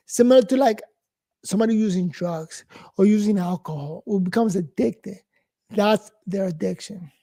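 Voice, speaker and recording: A man's voice: high-pitched, dark tone. A man in his forties from New York, giving a blunt, profane, rambling casual monologue as host.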